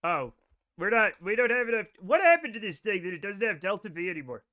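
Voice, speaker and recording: Male game streamer with a high, sharp voice who talks to chat casually, cracking profane jokes. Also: expressive, fast. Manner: joking, profane, rambling talk to chat. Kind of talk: live gameplay stream chatter.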